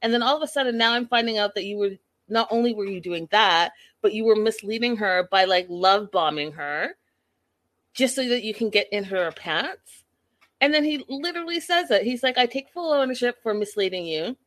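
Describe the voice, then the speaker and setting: A woman's voice: mid-range voice, animated, moderate pace, a bit bright. Chatty woman recapping a reality show. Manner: chatty, opinionated, lots of "like" and "you know". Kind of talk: casual episode recap.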